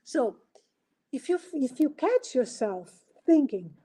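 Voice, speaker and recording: A woman hosting a solo podcast in an animated coaching style, asking rhetorical questions and making small grammar slips. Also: high-pitched, takes it slowly, breathy edge. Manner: animated, acts out little dialogues, asks rhetorical questions. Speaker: podcast host.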